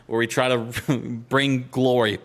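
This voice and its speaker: An excitable man chatting casually over a wrestling management game. His pitch sits at a mid, everyday level. He laughs often and trails off mid-sentence, and he sounds a bit out of breath. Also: measured pace. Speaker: co-host of a wrestling sim series. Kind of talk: casual gaming commentary chat.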